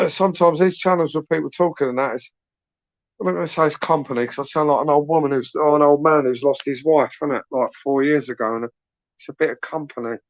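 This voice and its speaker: A man's voice: fairly high pitch, steady tone, brisk, dry recording, lo-fi sound. A British man hosting a late-night live stream, rambling casually, swearing and tagging questions onto his sentences. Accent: British English. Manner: rambling, slangy, swears freely, asks tag questions. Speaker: YouTube channel host.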